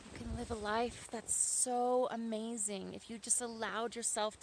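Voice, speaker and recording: Earnest woman musing outdoors, gravelly edge. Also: fairly high pitch, level tone, unhurried, hardly any pauses, a little hiss or hum. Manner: earnest, free-flowing, rising to emphatic bursts. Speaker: vlogger. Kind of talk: casual spoken reflection to camera. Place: outdoors in nature.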